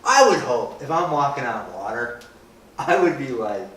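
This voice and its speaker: With a sing-song lilt, this medium-pitched, fairly bright male voice moves at a normal pace as he leads a group through an informal Bible talk full of jokes. He poses rhetorical questions, often adds "right?" and mimics people's reactions in a chatty way. Captured in an echoey room with the group, the audio is distant and roomy, carrying a faint hiss.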